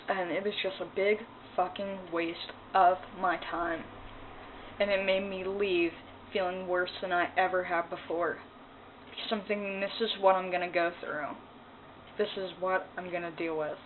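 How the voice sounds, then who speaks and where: A woman ranting in a personal vlog, angry, upset and emotional, swearing as she talks. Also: lowish voice. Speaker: vlogger. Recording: tinny phone-like sound, faint noise.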